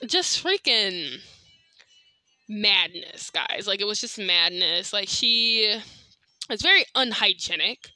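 A woman hosting a podcast, telling a story in a blunt, animated, slangy way straight to her listeners. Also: medium pitch, takes it slowly, no room sound, soft background music. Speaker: podcast host. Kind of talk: casual storytelling monologue.

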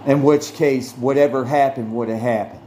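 A man's voice: mid-range voice, fairly even intonation, normal speed, mellow, slight background noise. A middle-aged man hosting a podcast, telling a personal story in an earnest, emphatic way and repeating phrases for stress. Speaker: podcast host.

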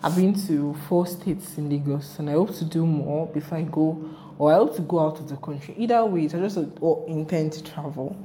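Low-voiced, chatty Nigerian woman. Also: moderate pace, slight background noise. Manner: chatty, animated, rambling asides. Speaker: travel vlogger. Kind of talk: casual storytelling vlog.

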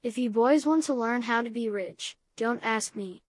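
A woman reading as a gentle schoolteacher father. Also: fairly high pitch, moderate pace, dry recording, close to an everyday voice. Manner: calm, kindly encouraging.

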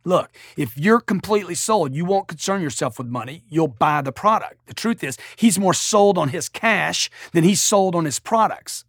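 A man's voice: high-pitched, animated, normal speed, few pauses, a bit bright, dry recording. A middle-aged man giving a blunt, emphatic motivational talk on sales as a coach, speaking into a close studio mic. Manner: emphatic, blunt, with rising intensity. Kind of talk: motivational monologue.

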